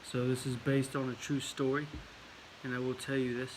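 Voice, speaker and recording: A man's voice: medium pitch, monotone, moderate pace, slight background noise, rough recording. A man telling a casual story to camera in a put-on English accent, rambling with fillers and repeated words. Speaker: vlogger.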